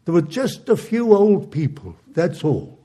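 A man preaching, telling a testimony story in an animated way with frequent chuckles. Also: high voice, unhurried.

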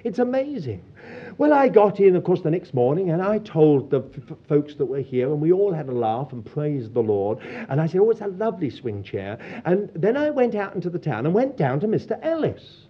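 Older congregation leader, husky tone, fairly high and very expressive pitch, tells stories in a testimony talk and does the voices, lo-fi recording. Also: male voice, brisk. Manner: animated storytelling, acts out quoted voices. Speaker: Christian fellowship leader. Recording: dull lo-fi recording.

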